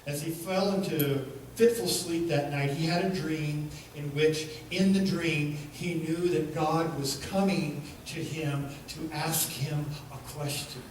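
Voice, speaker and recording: A pastor tells a story from the pulpit in an unhurried, halting way. His voice is slightly high and sits far from the mic. A very echoey church swallows it, with a faint hum behind. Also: steady tone. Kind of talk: sermon storytelling.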